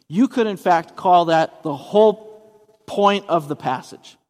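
A man's voice: a little high, animated, measured pace, darkish tone, big-room sound. A man preaching a sermon as pastor, explaining scripture in a conversational way with casual asides.

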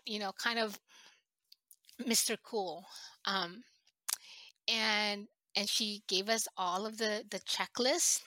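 A middle-aged woman recounting a painful family story in an interview, halting and emotional with many restarts. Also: medium pitch, fairly even intonation, sharp tone, no room sound. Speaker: guest.

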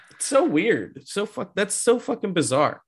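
A man co-hosting a casual movie discussion podcast, animated and laughing often as he acts out scenes. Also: high voice, a little slow, slightly rough. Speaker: podcast co-host.

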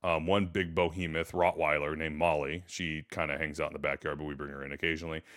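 A man in his thirties hosting a casual podcast chat. He tells animated stories and laughs often. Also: a bass voice, fast talker. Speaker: podcast host.

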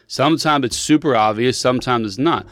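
A man's voice: mid-range voice, a little fast, a bit bright, dry recording. A man in his thirties chatting casually as a podcast co-host, telling stories animatedly and acting out quotes in shifting voices. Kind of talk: casual chat.

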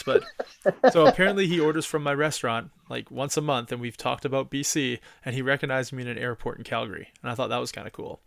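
A man's voice: medium pitch, fast talker, gravelly, no room sound. A man from British Columbia hosting a podcast, telling stories eagerly in casual chat and swearing freely. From British Columbia, Canada. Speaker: podcast host.

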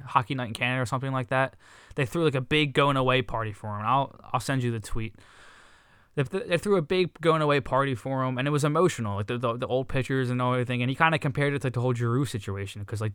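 A man co-hosting a casual sports podcast, talking excitedly with lots of swearing and restarts. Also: mid-range voice, clean tone, dry recording. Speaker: podcast co-host.

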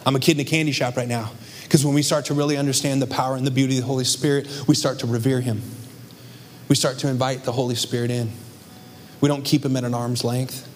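A man's voice: mid-range voice, level tone, fast, slight background noise. A young adult man preaching a sermon with passion and emphasis, as pastor on a church stage. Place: church stage before a congregation.

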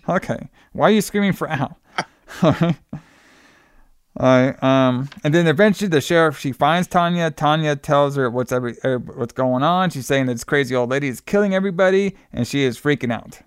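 A man's voice: on the high side, expressive, moderate pace, clear, resonant tone, dry recording, clean studio sound. A man casually recapping a film plot for a podcast, rambling with fillers and playful asides. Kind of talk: casual movie recap chat.

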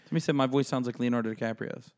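A man's voice: medium pitch, fairly even intonation, rapid-fire, darkish tone. A man co-hosting a podcast in casual, self-deprecating chat. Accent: New York. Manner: laid-back, self-deprecating banter. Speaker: podcast co-host.

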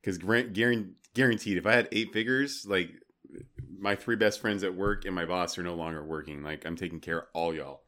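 A man's voice: low-pitched, brisk, sharp tone. A man co-hosting a podcast, asking questions and teasing his co-host in casual chat.

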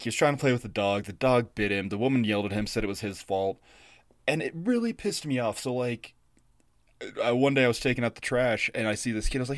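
A man's voice: on the low side, no room sound, studio quality. A young adult man co-hosting a podcast, telling a story in a rambling, casual way full of fillers. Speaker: podcast co-host.

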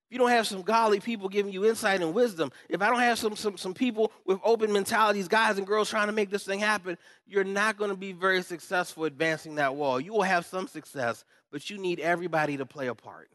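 A fired-up man preaching to his church with a slightly high voice. He swings between loud, rallying calls and hushed, wry asides, often slipping into other people's voices. The sound is close and dry. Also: fast, few pauses, dry recording. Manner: animated, swings from loud pumped-up shouting to quiet asides, acts out quoted voices. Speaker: pastor. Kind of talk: sermon.

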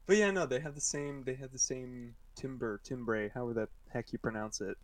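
A man's voice: mid-range voice, dry recording. A young man in casual chat who rambles through fillers and nervous laughter.

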